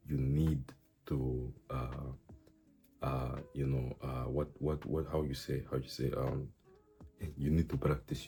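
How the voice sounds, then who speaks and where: A man's voice: extremely low pitch, dark tone. A young man giving casual language-learning advice in a rambling, playful way, full of fillers. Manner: rambling, chatty, many fillers; playful, teasing.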